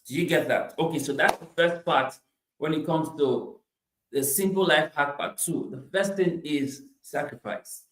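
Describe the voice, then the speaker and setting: Male motivational speaker, high-pitched and emphatic, in a roomy space. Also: unhurried. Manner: emphatic, repeats phrases, swings between loud bursts and quiet asides. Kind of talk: motivational talk.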